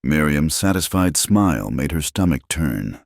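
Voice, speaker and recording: Very deep-voiced male narrator. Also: big pitch swings, measured pace, creaky, no echo, studio quality. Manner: dramatic storytelling. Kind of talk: scripted narration.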